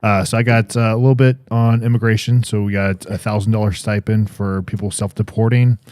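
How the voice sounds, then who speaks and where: Laid-back low-voiced male co-host. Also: little pitch movement, fairly quick, a little mellow, dry recording, studio quality. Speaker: podcast co-host. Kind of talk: casual chat.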